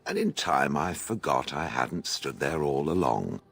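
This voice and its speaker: An actor playing a haughty, aloof male stone golem in a game, speaking with posh, husky dryness. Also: a bass voice, sing-song, measured pace, a bit bright, full character voice. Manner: posh, refers to others as "it". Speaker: game character. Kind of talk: voiced game dialogue.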